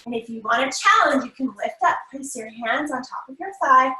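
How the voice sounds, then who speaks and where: A high-pitched, bright-voiced woman guides a family yoga class with playful, encouraging cues. She sounds a little distant from the mic in an echoey studio room. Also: lively intonation, brisk. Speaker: yoga instructor.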